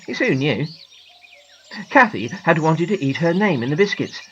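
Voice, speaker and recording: A woman narrating a children's storybook in a gentle, expressive manner. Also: low-pitched, normal speed, muffled recording, slight background noise.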